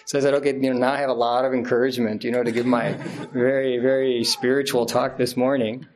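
A man's voice: mid-range voice, little pitch movement, brisk, darkish tone, a little hiss or hum. A middle-aged man giving an informal Friday sermon as an imam, chatty and laughing often at himself. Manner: chatty, laughs often, self-deprecating asides.

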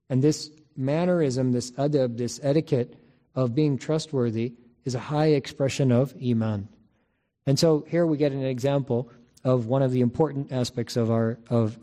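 Measured male religious lecturer, mellow voice. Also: mid-range voice. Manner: measured, repeats key phrases, frequent restarts. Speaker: religious teacher. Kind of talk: spiritual lecture.

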